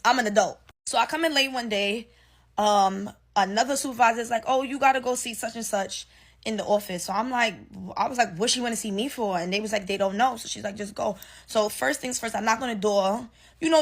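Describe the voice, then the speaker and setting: Woman venting a work drama story, fairly high voice, slangy and cussing. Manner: animated, acts out both sides of an argument; blunt, swears freely, slangy. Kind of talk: casual storytelling to an audience.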